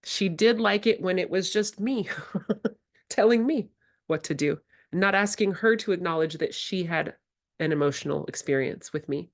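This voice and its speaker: Her voice is on the low side and her speed normal as she presents a workshop to educators. She's reflective and frank, voicing her own quoted words as she goes.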